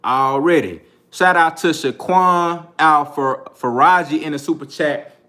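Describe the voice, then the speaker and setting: A man in talks boxing on a live stream in a loose, slangy, laid-back way, often breaking into laughter. His voice sits a little high and rings very bright. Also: a little slow. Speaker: boxing channel host. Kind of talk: casual live-stream commentary.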